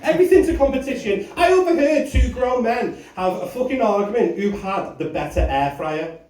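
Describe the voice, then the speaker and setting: A man's voice: extremely high pitch, lively intonation, normal speed, a little mellow. A man doing a stand-up comedy set in a bar club, brash and sweary, working the crowd. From England. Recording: roomy club sound, audience laughter, mic at a distance. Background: audience laughing.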